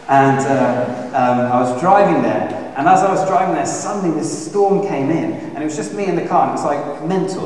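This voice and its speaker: A man giving a sermon-style talk to students, telling stories with animated swings from hushed to loud. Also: on the high side, slight background noise. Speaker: speaker at a student Christian talk. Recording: echoey hall, speaker far from the mic.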